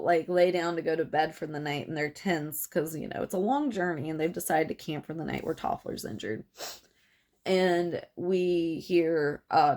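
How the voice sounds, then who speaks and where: A young woman casually recapping a film plot, chatty with many fillers, acting out lines in shrill voices. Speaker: film reviewer.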